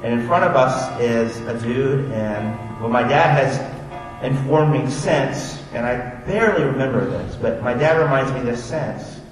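A man's voice: mid-range voice, measured pace, faint music behind. Man telling stories in an echoey hall. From Orlando, Florida. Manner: chatty, self-deprecating, digressive storytelling. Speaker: speaker giving a personal testimony. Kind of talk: storytelling talk before an audience. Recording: echoey hall, distant mic.

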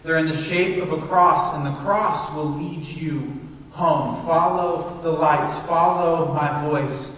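A man voicing a calm male air traffic controller who talks slowly and steadily, recorded from far off in an echoey hall. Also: a little high. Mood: steady calm. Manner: slow, measured, reassuring.

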